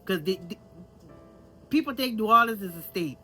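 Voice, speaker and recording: A woman's voice: mid-range voice, expressive, moderate pace, sharp tone, faint music behind. A woman with a country Louisiana accent, talking candidly and casually to her viewers in a vlog. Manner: candid, chatty, repeats herself, addresses viewers directly. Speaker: vlogger. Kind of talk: casual vlog talk to camera.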